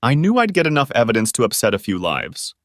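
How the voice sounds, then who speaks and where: Male narrator with a lively, dry read. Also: medium pitch, fast talker, no room sound. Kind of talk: first-person story narration.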